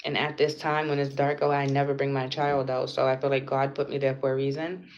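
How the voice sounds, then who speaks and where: A woman's voice: a bass voice, level tone, brisk, a little mellow, dull audio. A mother telling a personal story in an emotional vlog, earnest and repetitive, close to tears and swearing now and then. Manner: tearful, earnest, repeats herself, swears.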